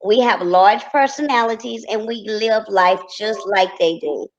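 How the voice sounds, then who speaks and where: A woman from Texas with a Texas accent, a guest in a casual interview, talking in a relaxed, easygoing way. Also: medium pitch, unhurried, highs cut off. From Corsicana, Texas. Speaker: guest, reality TV personality.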